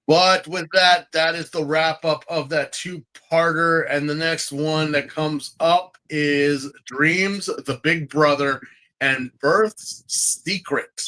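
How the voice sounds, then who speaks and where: A man co-hosts a podcast in casual, animated chat. His voice sits a bit high and bright, and he keeps dropping into campy little voices. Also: slow pace, poor audio. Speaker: podcast co-host. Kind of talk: casual chat recapping a TV series.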